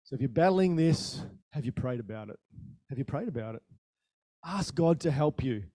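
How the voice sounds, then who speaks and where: A man preaching a sermon in a conversational style, asking the listeners questions and telling stories with sudden bursts of loudness. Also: mid-range voice, moderate pace, dry recording, studio quality. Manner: animated storytelling with sudden rises in volume. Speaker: pastor.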